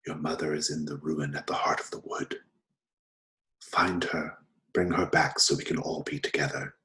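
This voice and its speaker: A man's voice: rumbling low, little pitch movement, moderate pace. A man whispering as a dead father's severed head. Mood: pleading. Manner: soft pleading whisper. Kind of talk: whispered role-play. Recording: roomy echo.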